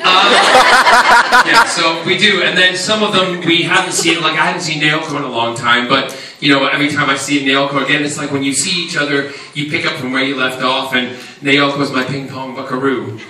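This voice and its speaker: A man's voice: fairly high pitch, brisk. A man answering fan questions as a convention panel guest, telling camp comic stories with lots of laughter. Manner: animated, laughing, camp storyteller. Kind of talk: comic storytelling to a crowd. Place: large convention hall. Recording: echoey hall from far off, loud crowd and noise.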